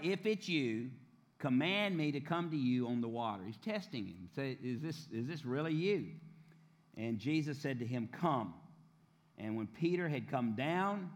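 A man preaching a sermon, reading scripture and leaning on key words, with his voice dropping quietly at moments of weight. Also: mid-range voice. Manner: measured preaching, drawn-out emphasis on key words, quiet dips in voice. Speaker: pastor.

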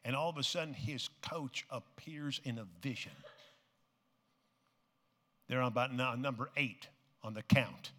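A man preaching a sermon. He swings from hushed tones to shouting and repeats phrases for emphasis. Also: mid-range voice, fairly even intonation, a little slow, pauses often. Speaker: pastor. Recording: long reverb of a large hall.

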